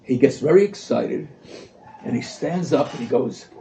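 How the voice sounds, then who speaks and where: Older man, gravelly and mellow, telling a lively story from a distance, dull echoey livestream sound. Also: on the high side, normal speed. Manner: animated storyteller acting out quotes. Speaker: speaker at a community event. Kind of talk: storytelling speech. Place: event hall.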